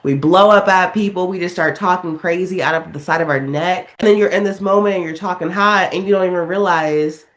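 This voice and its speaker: A woman's voice: on the low side, brisk, hardly any pauses. A young woman co-hosting a podcast, chatting casually and acting out the people in her stories. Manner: animated storytelling, acts out quotes. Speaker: podcast co-host. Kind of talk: casual chat.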